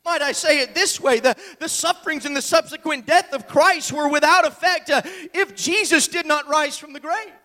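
A male preacher delivering an impassioned sermon, slow and emphatic, with many hesitant fillers. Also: very high-pitched, pushed and bright. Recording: echoey church hall.

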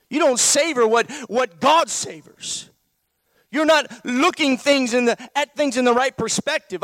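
A man's voice: extremely high pitch, measured pace, fairly bright tone, dry recording. A man preaching a sermon, posing one rhetorical question after another to his congregation.

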